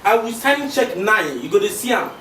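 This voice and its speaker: A man's voice: sits high, very animated, moderate pace, sharp tone, heavily acted. A man playing a boastful Nigerian rich suitor. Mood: coaxing. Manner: boastful, wheedling pidgin flirting. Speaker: wealthy suitor. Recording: roomy, from far off, faint hiss.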